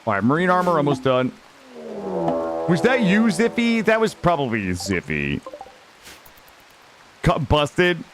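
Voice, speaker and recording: A man streaming a game live, talking casually to his chat in an excitable, slangy way and swearing freely. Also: fairly high pitch, measured pace, pauses often, faint music behind.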